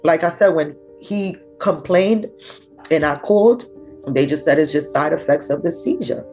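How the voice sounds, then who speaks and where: Low-voiced middle-aged woman giving testimony. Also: moderate pace, faint music behind, poor audio. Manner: raw, emotional storytelling with animated quoted voices. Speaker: bereaved mother. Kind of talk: personal testimony.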